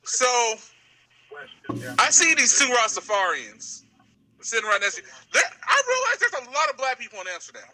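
A man telling a story in a casual podcast chat, animated and swearing freely. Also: very high-pitched, moderate pace, rough recording.

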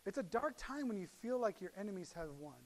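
A middle-aged male pastor preaching a sermon, telling stories animatedly and swinging from loud outbursts to hushed asides. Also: high voice, very animated, fast talker.

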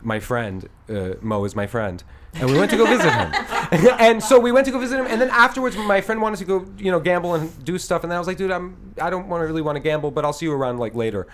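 A man's voice: on the high side, sing-song, quick pace, a bit bright. A man in his thirties hosting a casual podcast chat, telling rambling stories broken up by laughs. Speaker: podcast host.

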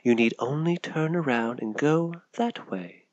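A mysterious hooded woman of the forest, as a male storyteller puts her on, gentle and protective, speaking in a light, lilting, near-whispered hush. Her voice stays soft and quiet, with a raised, lively lift to the pitch. It is a dry, close storybook reading with no room sound. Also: a little slow, dry recording, dull audio, close to an everyday voice. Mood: soothing.

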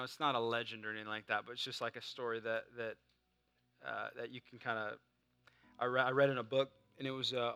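A man preaching a sermon, swinging from loud fervent exhortation to a hushed, conversational story. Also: mid-range voice, clean tone. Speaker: pastor.

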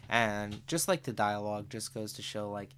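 A man's voice: lowish voice, moderate pace, a bit bright, slight background noise. A man talking about a movie on a casual podcast, laid back and repeating himself. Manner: laid-back, repeats words, "you know what I mean".

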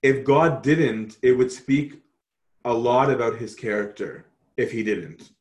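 A man teaching a Bible study, answering questions in an animated way and often checking in with "right?". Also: mid-range voice, unhurried.

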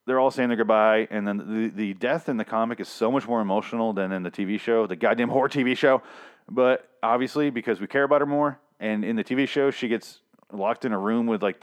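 A man giving a casual, rambling recap of a comic, sarcastic and foul-mouthed, often restarting his sentences. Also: on the low side. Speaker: comic book recap vlogger.

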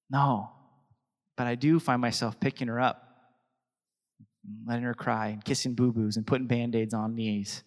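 A man's voice: medium pitch, flat delivery, normal speed, long pauses, big-room sound. A young adult man preaching a sermon as pastor, chatty and anecdotal, often laughing between thoughts.

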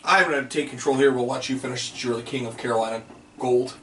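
A man hosting a food podcast and tallying scores, talking in relaxed, joking banter. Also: mid-range voice, quick pace. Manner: laid-back, joking banter. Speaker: podcast host keeping the scores. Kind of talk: casual chat. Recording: echoey room, distant mic, faint noise.

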